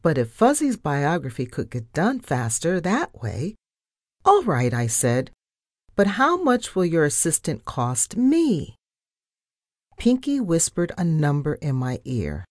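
Woman reading a kids' story, low voice, slow and bouncy, dry close sound. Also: dry recording. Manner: lively, voices the characters' lines. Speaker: narrator. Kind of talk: storybook read-aloud.

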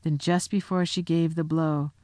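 Brief: female audiobook narrator, slightly low, dramatic storytelling, dry sound. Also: little pitch movement, moderate pace, warm tone, dry recording. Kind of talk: storybook reading aloud.

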